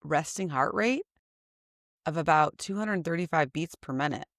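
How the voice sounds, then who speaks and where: A woman's voice: low voice, lively intonation, moderate pace, a bit bright, no room sound, clean studio sound. Casual female podcast co-host. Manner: casual, uses "like" often. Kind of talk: casual chat.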